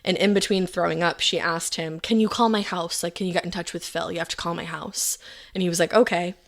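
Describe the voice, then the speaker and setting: A woman's voice: lowish voice, steady tone, fairly quick, creaky. A woman podcast host retelling events in a casual, chatty way, full of fillers and quoted lines. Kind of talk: casual true-crime storytelling.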